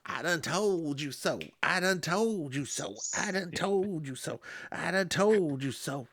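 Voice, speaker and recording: A man's voice: fairly high pitch, expressive, a little slow, fairly bright tone, heavily acted. A man voicing a smug male security guard who drawls the same taunt over and over. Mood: gloating.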